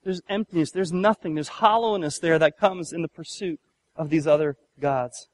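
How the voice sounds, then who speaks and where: A man with a fairly high voice delivers a sermon as a pastor. He retells a Bible story with humor, playful asides and acted-out bits. His delivery is lively and conversational. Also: normal speed, no room sound.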